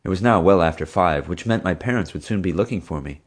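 A man narrating a first-person children's story in a steady, plain way. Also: deep voice, quick pace, husky. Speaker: audiobook narrator.

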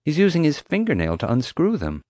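A man's voice: on the high side, wildly swooping pitch, a little fast, a little mellow, no echo, clean studio sound, pitched above the performer's own voice. A man reading an audiobook, voicing a mild, thoughtful father. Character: easygoing father. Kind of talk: audiobook character voice.

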